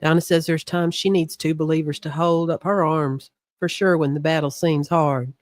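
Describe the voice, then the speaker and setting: A woman's voice: low voice, steady tone, normal speed. A woman co-hosting a Bible study, reading scripture aloud with chatty asides between passages. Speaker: co-host of a Bible study show.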